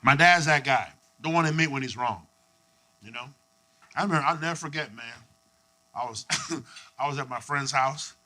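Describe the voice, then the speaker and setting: A man doing a stand-up comedy set on a club stage, animated and profane, acting out people in his stories. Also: mid-range voice, moderate pace, pauses often. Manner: animated, profane, acts out voices.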